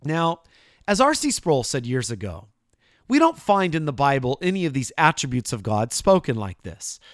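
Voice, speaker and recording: A man preaching a sermon, addressing the listener directly, moving between hushed asides and loud proclaimed lines. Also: medium pitch, big pitch swings, normal speed, no room sound, clean studio sound.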